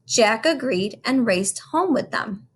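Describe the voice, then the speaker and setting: A woman teacher reading a storybook aloud to children, slow and expressive. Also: a little high, husky.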